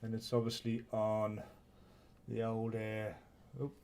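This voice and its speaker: A man's voice: on the low side, completely flat delivery, slow pace, dark tone, slight background noise. A man with a Northeast English accent, hosting a casual live stream and bantering with viewers in a rambling, teasing way. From Northeast England.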